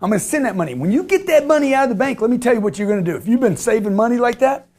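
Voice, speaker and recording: Brief: high-pitched male radio host, pushy and animated, selling hard. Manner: fast, animated sales pitch, acts out conversations. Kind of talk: call-in radio talk.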